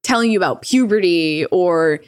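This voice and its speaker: A woman's voice: on the low side, lively intonation, normal speed, clear, resonant tone, no echo, clean studio sound. A woman telling a story in a casual, rambling way, swearing freely and acting out the voices she quotes. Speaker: guest.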